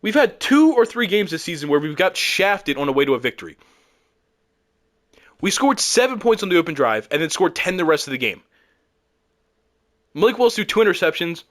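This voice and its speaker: A young man commentating his own football video game, frustrated and exasperated, breaking into loud outbursts. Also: fairly high pitch, very animated, fairly quick, pauses often. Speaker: gaming YouTuber. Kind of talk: live gameplay commentary.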